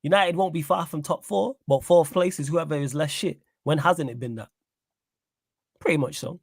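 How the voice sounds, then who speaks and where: A husky, fairly high-voiced man argues football in a casual podcast chat. He talks in a quick, animated, slangy way on a close, dry mic. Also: dry recording. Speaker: co-host, Manchester United fan.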